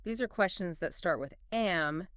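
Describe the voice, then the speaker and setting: A woman co-hosting a scripted English lesson, clearly modelling phrases for learners to practise. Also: lowish voice, expressive, unhurried, a bit bright, no echo, clean studio sound. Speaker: English teacher co-host. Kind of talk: scripted language lesson dialogue.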